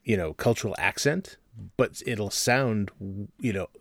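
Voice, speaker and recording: Low-voiced man, halting casual talk. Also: expressive, no room sound. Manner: halting, many restarts and fillers. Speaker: podcast co-host. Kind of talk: casual chat.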